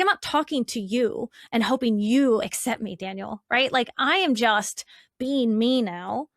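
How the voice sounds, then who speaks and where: A woman relationship coach, a guest in an interview, talking in an animated, chatty way with lots of "like" and "right?". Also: a little high, dry recording, clean studio sound. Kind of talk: conversational interview.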